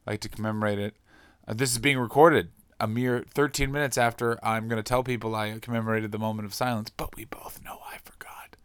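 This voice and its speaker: A man's voice: lowish voice, fairly even intonation, smooth, no echo. A man, a comedian, telling a story in a casual monologue, swearing freely and ranting. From Canada. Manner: profane, ranting, quick shifts in loudness.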